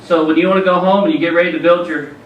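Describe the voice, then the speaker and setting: A man's voice: fairly high pitch, steady tone, rapid-fire, highs cut off, slight background noise. A man giving an enthusiastic motivational talk at a conference, preaching and telling stories. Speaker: keynote speaker. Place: large conference hall. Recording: echoey hall from far off.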